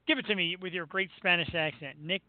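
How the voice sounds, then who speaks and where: A man's voice: high voice, fast, no echo. Brash man hosting talk radio, tinny. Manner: brash, joking, crude. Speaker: radio show host. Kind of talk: live talk radio banter. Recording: tinny phone-line audio with faint hiss.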